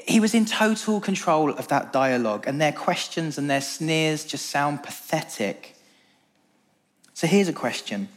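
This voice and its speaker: A man preaching a sermon and reading scripture aloud, earnest and measured, dropping low and slow for emphasis. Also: animated. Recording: long reverb of a large hall.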